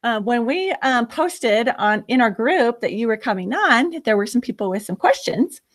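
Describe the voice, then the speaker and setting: A woman's voice: fairly high pitch, lively intonation, moderate pace. Woman, co-host, casual chat, guides questions. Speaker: podcast co-host.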